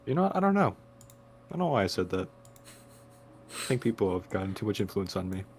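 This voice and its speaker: Deep-voiced, offhand man. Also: very animated, brisk, slight background noise. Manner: offhand and hesitant. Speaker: player. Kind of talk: casual tabletop chat.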